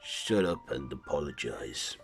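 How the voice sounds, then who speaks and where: Man voicing a snappish young woman, very deep and slow delivery. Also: expressive, soft background music, exaggerated voice. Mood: annoyed. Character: irritated young woman at home alone.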